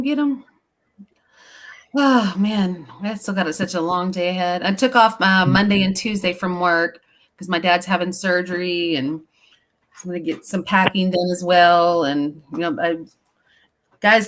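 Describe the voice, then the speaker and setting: Rambling, animated woman telling stories. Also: lowish voice, moderate pace. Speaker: paranormal investigator guest. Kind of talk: casual chat, personal storytelling.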